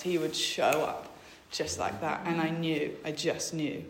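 A young woman tells her faith story in a flat, level voice, pausing often and filling gaps with ums. She reads verses aloud between her own thoughts. The room around her gives a clear echo. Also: sits low, a little hiss or hum. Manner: hesitant, many ums, reads out Bible verses. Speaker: speaker sharing a faith testimony. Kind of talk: personal faith testimony. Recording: echoey room.

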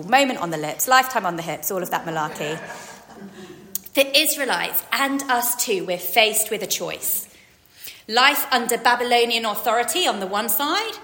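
A woman's voice: mid-range voice, a bit bright. A woman in her forties giving a chatty, self-deprecating sermon, acting out quotes. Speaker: preacher. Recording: hall reverb.

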